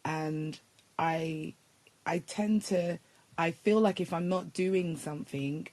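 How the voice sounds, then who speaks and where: A woman from the UK chatting casually as a guest, easygoing and quick to giggle. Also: lowish voice, a little mellow, dry recording. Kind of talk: casual chat.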